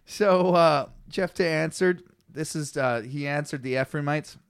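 A man's voice: fairly high pitch, a little slow, few pauses, clear, resonant tone, no room sound, clean studio sound. A man co-hosting a comedy podcast, reading scripture aloud with stumbles and swearing freely. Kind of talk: casual comedic chat.

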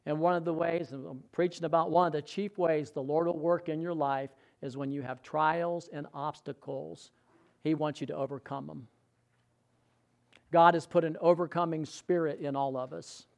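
A male preacher with a notably high voice delivers a sermon. He tells stories casually and keeps checking in with his listeners through questions. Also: steady tone, moderate pace, creaky. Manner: conversational storytelling, quizzing the congregation. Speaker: pastor.

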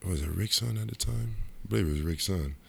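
A man's voice: low-pitched, quick pace, vocal fry, husky. A middle-aged man, a former basketball player, tells stories from his career in a casual interview, rambling and restarting his sentences. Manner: rambling, repeats and restarts, lively quoted asides.

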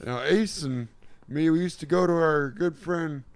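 A man voicing a rambling, crude old male president with a Southern accent, stammering through halting improv. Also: a little high, vocal fry, smooth, dry recording. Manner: stammering, halting, drawn-out filler sounds. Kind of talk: comedic improv impression.

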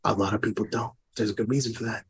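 A man voicing a male champion of a death god in a slow, quiet, threatening put-on accent. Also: fairly low pitch, steady tone, breathy edge, pitched below the performer's own voice. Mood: menacing.

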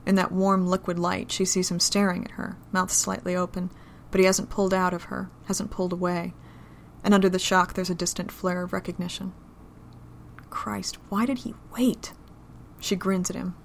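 A woman reading an adult romance story aloud in a low, intimate, steady manner. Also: brisk, creaky, a little hiss or hum. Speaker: narrator.

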